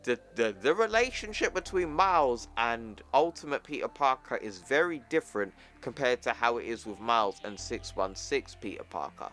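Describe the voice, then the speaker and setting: A man's voice: medium pitch, lively intonation, normal speed, hardly any pauses, a bit bright, soft background music. A man hosting a comic book channel, recapping a story in a casual, slangy, offhand way. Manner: slangy and offhand, says yo, bro, fam.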